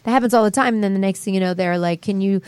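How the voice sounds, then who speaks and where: A woman voice actress chatting casually as a guest, telling animated stories and acting out the exchanges she quotes. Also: mid-range voice, very fast, smooth, dry recording. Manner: animated storyteller who acts out quoted exchanges. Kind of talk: casual chat.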